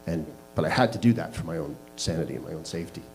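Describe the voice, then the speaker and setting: At a small live venue, a Canadian man with a creaky, darkish bass voice races through a candid personal story, laughing at himself for the audience. The recording is rough.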